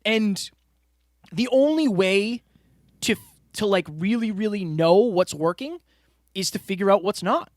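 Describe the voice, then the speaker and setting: A man with a high voice co-hosts a casual podcast chat, earnest and reflective, turning to his listeners as he talks. The sound is dry and close, with no room echo. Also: lively intonation, measured pace, pauses often. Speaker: podcast co-host. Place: studio room with a whiteboard.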